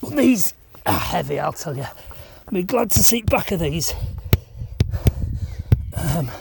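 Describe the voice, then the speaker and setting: A man's voice: on the high side, big pitch swings, takes it slowly, gravelly, darkish tone. A man, rambling and self-deprecating as he chats to camera while laying blocks on an outdoor building site. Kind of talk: casual vlog chat while working. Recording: noisy outdoor recording.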